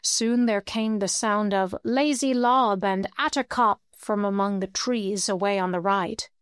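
Smooth, dry-voiced woman narrating. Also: mid-range voice, measured pace, dry recording. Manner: steady storytelling, lifts her voice for dialogue. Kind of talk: audiobook reading.

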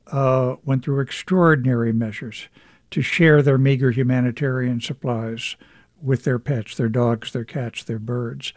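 A middle-aged man, an author being interviewed, speaking thoughtfully with frequent halting restarts. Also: medium pitch, darkish tone, dry recording, studio quality. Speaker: author guest. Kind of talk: reflective interview conversation.

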